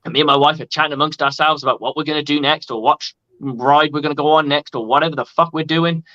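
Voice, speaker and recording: A man's voice: fairly high pitch, fairly even intonation, fast talker, a bit bright, no echo, lo-fi sound. A man, a guest chatting casually, telling stories and swearing freely. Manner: laid-back, swears freely, storytelling. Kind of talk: casual chat. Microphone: video call.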